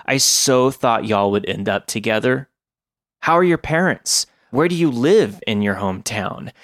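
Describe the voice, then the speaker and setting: A man's voice: mid-range voice, lively intonation, no room sound, clean studio sound, close to an everyday voice. A man voicing a chirpy, pushy young woman caller who gushes and fires off prying questions. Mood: gushing. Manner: gushing, rapid-fire prying questions.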